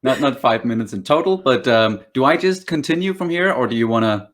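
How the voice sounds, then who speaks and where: A man from Denmark, a guest introducing himself in a relaxed way and laughing easily. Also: mid-range voice, brisk. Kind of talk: casual self-introduction.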